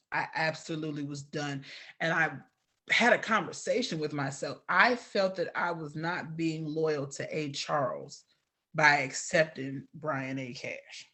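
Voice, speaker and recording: A woman guest sharing a personal testimony, candid and animated, acting out the voices of people she quotes. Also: sits low.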